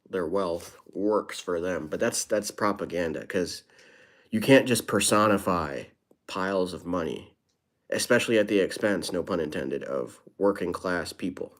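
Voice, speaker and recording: A young man hosting a live stream, with a voice sitting a little on the low side. He reads chat messages and answers them in a loose, rambling way, full of wry, self-deprecating asides. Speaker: livestreamer. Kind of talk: casual live stream chat, reading viewer comments.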